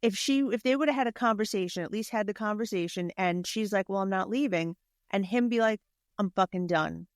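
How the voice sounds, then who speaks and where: A woman's voice: medium pitch, brisk, smooth, no echo, studio quality. A woman co-hosting a podcast, giving blunt, opinionated takes on a book in casual chat and swearing freely. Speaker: podcast co-host.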